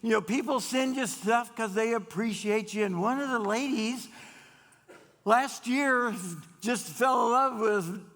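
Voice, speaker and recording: A man telling folksy jokes to a gathering, chatty with drawn-out pauses and frequent restarts. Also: very high-pitched, fairly bright tone. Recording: long hall reverb.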